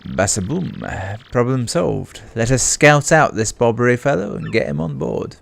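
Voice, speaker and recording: A man's voice: mid-range voice, animated, measured pace, gravelly, pitched above the performer's own voice, exaggerated voice. A man voicing a pompous, vain, rich ship owner who talks in a grand, boastful, theatrical way.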